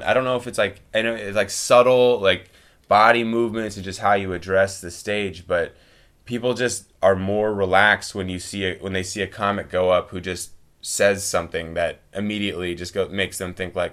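Guy with a lowish voice, stand-up comic riffing on gig stories, acts out lines and laughs a lot. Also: moderate pace. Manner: animated storyteller, acts out quotes, laughs often. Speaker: stand-up comedian guest. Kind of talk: casual chat, storytelling.

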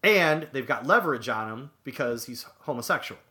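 A man co-hosting a podcast, recapping an episode in halting speech, often repeating words and groping for names. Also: mid-range voice, animated, bright, forceful tone. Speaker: podcast co-host. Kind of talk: casual chat recapping a TV episode.

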